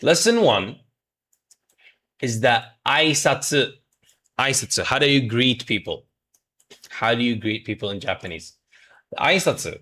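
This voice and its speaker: Man, medium pitch, forceful bright tone; playful stream teacher drilling phrases. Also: lively intonation, measured pace, pauses often. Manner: jokey, mock-scolds chat, drills pronunciation. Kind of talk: playful livestream lesson.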